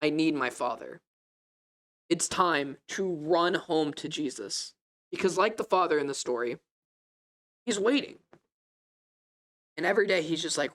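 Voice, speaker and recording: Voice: mid-range voice, measured pace, pauses often, fairly bright tone. A young adult student preaching a sermon in a classroom, telling the story in a casual, conversational way with fillers.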